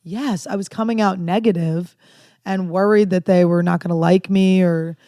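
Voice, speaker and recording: A woman comedian in her thirties telling candid, rambling stories with dark jokes in a casual podcast chat. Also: lowish voice, fairly even intonation, moderate pace, dry recording, clean studio sound. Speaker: comedian guest.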